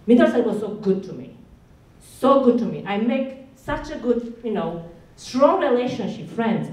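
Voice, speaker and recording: A woman's voice: mid-range voice, a little mellow. A woman gives a passionate, emphatic speech to a college lunch audience. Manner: passionate and emphatic, with a strong accent. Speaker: guest speaker. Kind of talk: inspirational speech at a lunch event. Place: college event room. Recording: echoey hall, speaker far from the mic.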